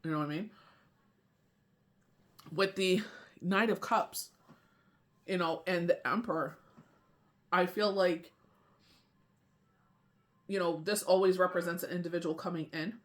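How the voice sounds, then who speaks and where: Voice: mid-range voice, steady tone, measured pace, long pauses. Rambling tarot reader talking casually. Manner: rambling, full of "you know what I mean". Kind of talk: casual spiritual talk to camera.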